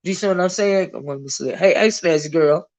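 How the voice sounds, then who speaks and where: A woman's voice: lowish voice, brisk, darkish tone. A woman hosting a live gossip stream, chatty and blunt, cussing freely and greeting viewers in the chat. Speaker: livestream host. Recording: dull lo-fi stream audio.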